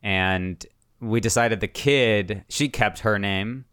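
A man in his thirties with a low, smooth, resonant voice talks in a relaxed, drawn-out way, swearing now and then. The sound is dry and close. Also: no echo. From immigrated as a refugee as a child. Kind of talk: casual chat.

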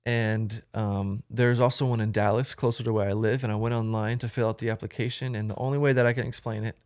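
Young man, low voice, casual podcast guest, rambling, dry recording. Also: little pitch movement, fast, darkish tone, no echo. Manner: rambling, many ums and restarts. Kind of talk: casual conversation.

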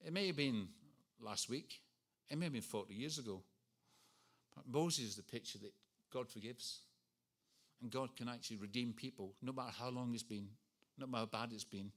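A man's voice: mid-range voice, moderate pace, pauses often. A Scottish man in his sixties preaching a sermon, earnest and storytelling with self-deprecating humour. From Scotland. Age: 60s.

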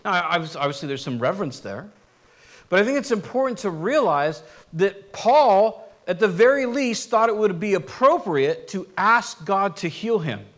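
A man preaching a sermon in a conversational, animated way, often acting out quoted voices. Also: high-pitched, moderate pace. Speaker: pastor.

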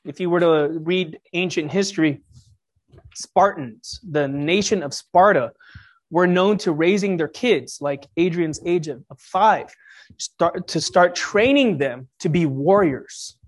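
Animated, conversational preacher. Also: medium pitch, slow. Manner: conversational, with jokey asides to the congregation. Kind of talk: sermon.

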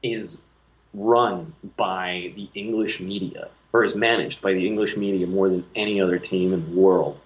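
Low-voiced male co-host, relaxed and musing, pauses often with ums. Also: low-quality recording. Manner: thoughtful, hesitant with many fillers. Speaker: podcast co-host. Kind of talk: casual chat.

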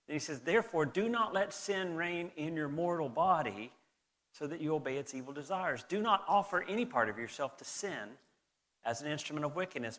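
Middle-aged male pastor, softened Southern accent, slightly higher voice, earnest sermon delivery. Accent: Southern American, softened. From American South. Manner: earnest, reads scripture aloud, conversational asides with restarts.

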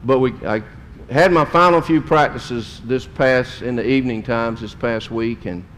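A man's voice: medium pitch, normal speed, fairly bright tone, slight background noise. A middle-aged man, a pastor telling a story in a sermon in a folksy, emotional way. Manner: folksy, emotional storytelling with drawled Southern phrases.

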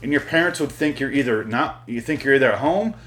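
A man's voice: mid-range voice, expressive, quick pace, fairly bright tone, reverberant, faint music behind. A man recapping a movie in a casual, comic way, sarcastic and profane, sometimes acting out the characters. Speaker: movie reviewer. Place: hot room at home with the air conditioning off.

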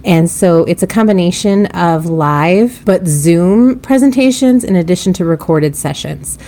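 A woman's voice: on the low side, unhurried, dark tone. A woman co-hosting a podcast, explaining a game in casual chat and laughing easily. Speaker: podcast co-host.

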